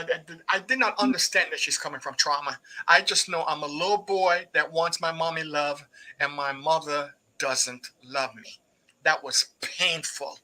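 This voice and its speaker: Jamaican male guest, middle-aged, very bright tone, earnest testimony. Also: on the high side, poor audio. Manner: earnest storytelling, acts out remembered speech. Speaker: guest, poet. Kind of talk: personal testimony in an interview.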